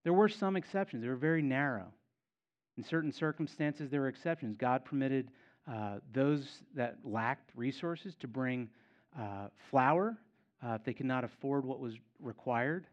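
A man's voice: mid-range voice, moderate pace, highs cut off. A man preaching a sermon as pastor, emphatic and repeating key phrases for effect.

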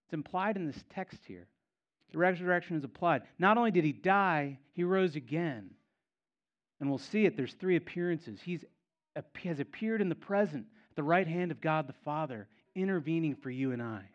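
A man's voice: a little high, animated, normal speed, muffled recording. A man preaching a sermon as pastor, emphatic and repeating key phrases for effect.

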